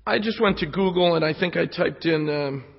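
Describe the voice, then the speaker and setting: A man giving a live technical talk at a conference, casual and joking with the audience, hoarse from losing his voice. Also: on the high side, normal speed. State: losing his voice from jet lag. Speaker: security conference speaker. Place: conference hall. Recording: lo-fi hall recording with long reverb.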